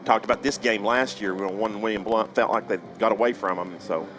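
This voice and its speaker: A man giving relaxed pregame football commentary, full of hedges and fillers. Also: fairly low pitch, a little fast, noisy background. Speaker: color commentator. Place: outdoors at a football field.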